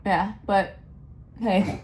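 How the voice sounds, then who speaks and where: A woman's voice: medium pitch, steady tone, drawn-out words, a little mellow. A young adult woman in a blunt, impassioned rant, slangy and full of repeats and restarts. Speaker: vlogger. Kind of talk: casual ranting monologue.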